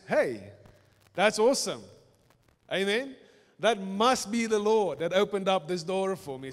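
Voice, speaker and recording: High-voiced South African pastor in hall. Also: male voice. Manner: storytelling, animated, swings loud and soft. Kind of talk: sermon with personal testimony. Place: church auditorium. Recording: reverberant church hall.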